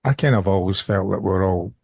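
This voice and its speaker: A middle-aged man hosting a podcast, speaking in measured, hesitant casual chat. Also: low voice, gravelly, a little mellow, breathy edge, no echo. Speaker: host.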